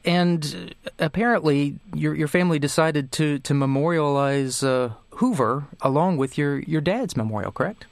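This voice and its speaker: A man's voice: on the high side, normal speed, vocal fry, hardly any pauses, no echo. A male radio host conducting an interview in a friendly, conversational way with a taste for puns.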